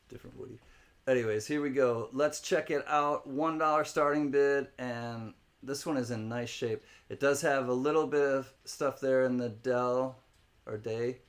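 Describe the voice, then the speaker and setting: A man's voice: mid-range voice, fairly even intonation, measured pace. A man hosting a live-stream coin auction, calling bids, greeting viewers by name and cracking jokes between lots. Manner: jokey, rambling, laughs often, chats with viewers by name; spells out words letter by letter for fun.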